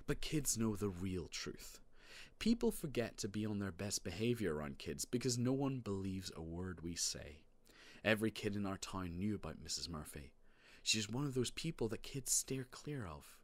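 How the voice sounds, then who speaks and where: A man narrating a children's storybook in the first person, wry and animated. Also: low voice, moderate pace, no echo. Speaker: audiobook narrator.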